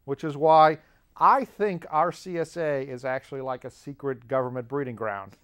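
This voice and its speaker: Clear and resonant, with a mid-range, fairly bright tone, an American man speaks at a moderate pace. He's hosting a podcast and telling a rambling comic story, with frequent chuckles woven through his anecdotes.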